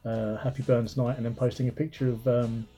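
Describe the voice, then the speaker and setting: A man co-hosting a podcast in casual chat, with deadpan jokes. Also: mid-range voice, a little fast, music in the background. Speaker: podcast co-host.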